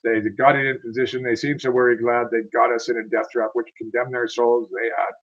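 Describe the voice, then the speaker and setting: A man's voice: mid-range voice, little pitch movement, fairly quick, a bit bright, highs cut off. A man reading verse aloud as a wounded male soldier telling his war story, in a rhythmic recitation. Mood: grim.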